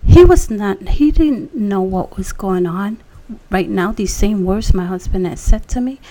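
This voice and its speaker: A woman telling a personal faith testimony, animated and emphatic, often dropping into hushed whispers. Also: mid-range voice, measured pace.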